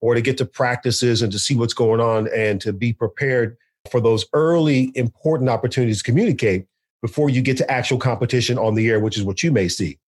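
A male sports broadcaster hosts a podcast in a chatty, animated style, dropping fillers as he goes. His voice is mid-range in pitch, heard over a video call. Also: fairly quick. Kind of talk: casual podcast talk and interview.

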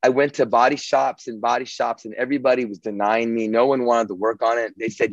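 A man's voice: mid-range voice, a little fast, few pauses, no room sound, highs cut off. A man casually telling a long story, rambling and swearing, with many restarts. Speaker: guest telling his story.

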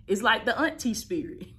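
A woman in her thirties, a life coach, giving an emphatic, repetitive motivational talk with an affectionate, preachy warmth. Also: a little high, animated, measured pace. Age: 30s. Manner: emphatic, repetitive, preachy, affectionate, calls listeners "baby" and "y'all". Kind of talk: motivational teaching talk to camera.

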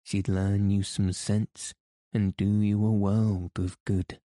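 A man's voice: fairly low pitch, little pitch movement, slow, warm tone, no echo. A man reading the part of a blunt, nagging woman housekeeper who scolds in an audiobook. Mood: scolding.

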